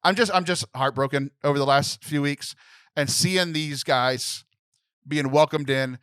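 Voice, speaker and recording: Tearful, bright-voiced young man. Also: on the high side, measured pace, smooth, no echo, clean studio sound. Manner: emotional, near tears, rambling with restarts. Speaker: podcast co-host. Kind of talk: casual chat.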